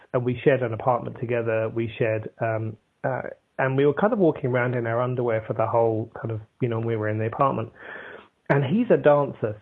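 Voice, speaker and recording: A man's voice: mid-range voice, phone-quality sound. Chatty English man on a call line. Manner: chatty, candid, laughs easily. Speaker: guest. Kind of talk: casual interview over a call.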